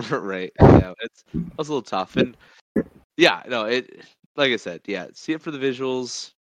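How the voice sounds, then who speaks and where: A man co-hosting a casual movie chat podcast, halting with frequent ums and easy laughs. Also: mid-range voice, animated, a little hiss or hum. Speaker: podcast co-host.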